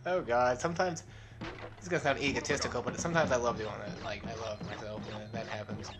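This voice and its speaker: A young man with a mid-pitched voice talks over his gameplay in a loose, rambling way. He mocks himself, swears and laughs often, speaking into a desktop microphone. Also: fairly even intonation, fast, music in the background. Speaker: let's play host. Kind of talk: casual gameplay commentary.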